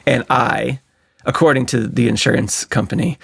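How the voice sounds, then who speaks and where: A young man with a gravelly voice tells a story on a podcast. His delivery is relaxed and matter-of-fact, and his voice sits in a middle pitch. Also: moderate pace. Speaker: podcast co-host. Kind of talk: casual storytelling chat.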